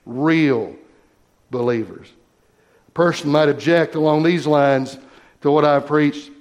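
A man preaching a sermon in an emphatic, measured way, slowing down to stress key phrases. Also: on the high side.

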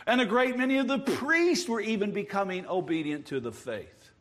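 A pastor preaching a sermon, explaining a passage earnestly with emphatic rises and wordplay. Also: male voice, high voice, expressive, moderate pace, fairly bright tone. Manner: self-described wordsmith, plays with words.

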